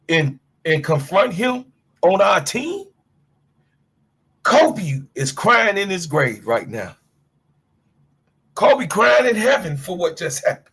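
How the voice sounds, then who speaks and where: Husky-voiced man ranting fiercely about sports. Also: sits high, a bit bright. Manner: fiery, profane, preachy, talks straight to chat. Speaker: livestream sports commentator. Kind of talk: heated sports rant on a livestream.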